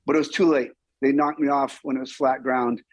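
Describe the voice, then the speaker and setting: A man's voice: mid-range voice, a little fast, no room sound. A man, a stuntman guest, telling stories in an interview and acting out the lines people said. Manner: animated, acts out quoted lines. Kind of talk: storytelling interview.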